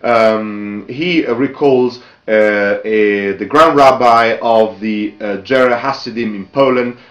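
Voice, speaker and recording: Man lecturing in a roomy echo. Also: mid-range voice. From Italy. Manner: hesitant, halting delivery, stressing key words. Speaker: journalist giving a history presentation. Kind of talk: spoken lecture presentation.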